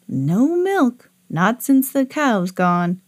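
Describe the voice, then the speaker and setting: A woman's voice: fairly high pitch, big pitch swings, extremely slow, exaggerated voice. A woman voicing a drowsy, hard-of-hearing old male moon in a storybook who mishears things.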